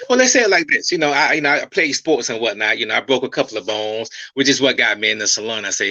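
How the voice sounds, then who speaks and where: A man's voice: medium pitch, expressive, fast talker, hardly any pauses, pushed and bright, no room sound, lo-fi sound. A man speaking as a guest hair stylist in a casual interview. He explains through stories and keeps checking in with "okay?" and "right?". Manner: storytelling, repeats himself, checks in with "okay?" and "right?".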